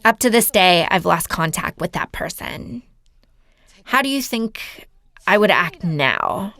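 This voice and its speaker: A woman's voice: fairly low pitch, lively intonation, unhurried, creaky, a bit bright. A woman giving a lecture as an earnest personal testimony, telling her story to a seminar audience. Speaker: seminar speaker.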